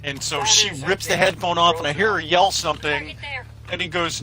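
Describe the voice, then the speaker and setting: A man casually telling a story with lots of swearing, acting out what each person said in an animated way. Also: a little high, normal speed, a crowd in the background, low-quality recording. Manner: profane, animated, acts out quotes. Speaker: podcast co-host.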